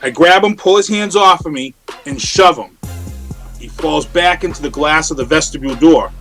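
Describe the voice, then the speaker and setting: A man, a guest on an interview show, telling a story in a casual, animated way over a remote call. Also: a little high, normal speed, faint music behind. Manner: animated, acts out quoted voices. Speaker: interview guest, radio personality. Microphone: remote call from home.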